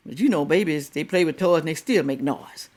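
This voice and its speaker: A woman's voice: low-pitched, brisk, darkish tone. A middle-aged woman hosting a reaction video, giving casual commentary and firing rhetorical questions at her viewers.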